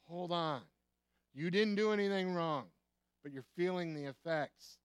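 A man's voice: fairly high pitch, unhurried, smooth, no room sound. An American man preaching a sermon as pastor, emphatic, repeating key phrases and asking the listeners rhetorical questions.

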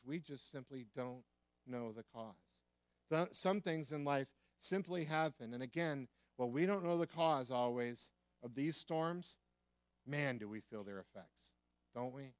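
American pastor guy preaching, kinda high smooth voice, keeps repeating stuff and asking "right?". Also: dry recording. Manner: emphatic, repeats key phrases, asks rhetorical questions. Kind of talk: sermon.

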